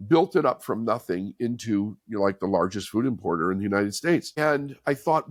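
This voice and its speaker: A man's voice: medium pitch, dry recording. Middle-aged guy on a podcast, earnest and candid, telling his story, dry close sound. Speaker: podcast guest, author and speaker. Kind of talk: personal storytelling in an interview.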